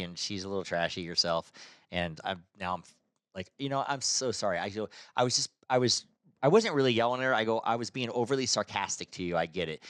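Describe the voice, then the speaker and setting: A man's voice: sits low, a bit bright, no echo, studio quality. A man co-hosting a podcast, telling a long rambling anecdote in casual chat and acting out what each person said. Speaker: podcast co-host.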